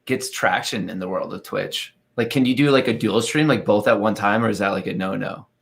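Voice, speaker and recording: A man chatting in a relaxed way on a podcast, with some hesitation. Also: fairly low pitch, brisk, gravelly. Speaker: podcast panelist. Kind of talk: casual podcast chat.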